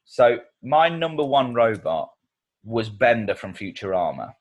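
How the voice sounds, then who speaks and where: A man co-hosting a podcast chats casually in a mid-pitched voice. He laughs easily and talks with animation. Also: big pitch swings, a little slow. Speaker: podcast co-host. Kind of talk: casual chat.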